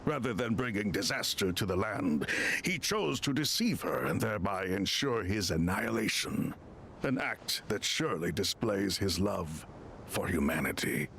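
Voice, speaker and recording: An ancient crocodile king from a video game, gravelly and solemn. His speech is formal and measured, with a lively rise and fall in pitch. A faint hiss of noise sits beneath it.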